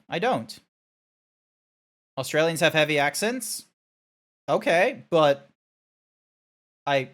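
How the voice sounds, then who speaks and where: A man streaming live, chatting casually with viewers in a rambling, sidetracking way, swearing and filling pauses with nonsense sounds. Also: on the high side, a bit bright. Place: Australia.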